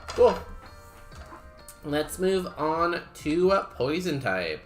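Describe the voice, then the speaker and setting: A man chats on a game livestream, thinking out loud with dry, wry asides. He talks at a slow, leisurely pace. Faint music plays quietly under his voice. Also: on the high side, sing-song. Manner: musing aloud, unhurried, wry. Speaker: game streamer. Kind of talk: casual livestream chat.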